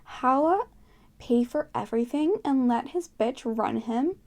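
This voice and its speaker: Girl putting on a valley girl drawl, high and mellow, dragging every word out mockingly. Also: expressive, slow pace, exaggerated voice. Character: female Valley Girl reading rants aloud. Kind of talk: comedic read-out.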